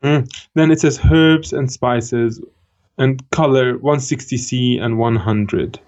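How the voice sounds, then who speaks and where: A man in his thirties, co-hosting a podcast, telling a story in a casual, animated way with laughter. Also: mid-range voice, slow pace, highs cut off. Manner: animated, laughing, acts out quoted voices. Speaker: podcast co-host.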